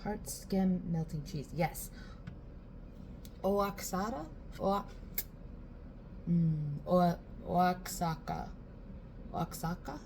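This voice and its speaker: A woman's voice: lowish voice, very slow, pauses often, a little mellow, a little hiss or hum, rough recording. A woman chatting casually in a rambling, chatty way while cooking in her home kitchen for her vlog. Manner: rambling, chatty, fond of swearing. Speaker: vlogger host.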